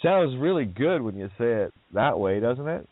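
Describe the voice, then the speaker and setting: A man's voice: mid-range voice, very animated, normal speed, dry recording. A man hosts a radio talk show and rambles loosely. He chuckles a lot, swears freely and plays with words. His voice comes over a thin, phone-like line with a dry, close sound. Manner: laughs often, profane, wordplay-heavy. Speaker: radio host. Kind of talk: casual rambling monologue.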